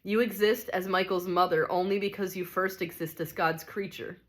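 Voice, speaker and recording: A woman reading an audiobook, voicing a gentle male spirit who reasons with calm, measured patience. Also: on the low side, natural voice. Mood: patient.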